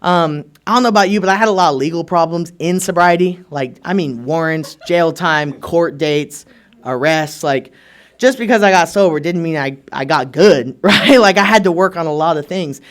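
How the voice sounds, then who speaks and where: A young man with a slightly higher-than-usual voice tells his story to a live recovery meeting. He talks casually and leans on fillers. He jokes at his own expense and slips into other people's voices when he recounts what they said. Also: normal speed, a bit bright. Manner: casual and chatty, many fillers like "like" and "right?"; acts out remembered conversations with shifts in tone. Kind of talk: personal testimony told to a live audience.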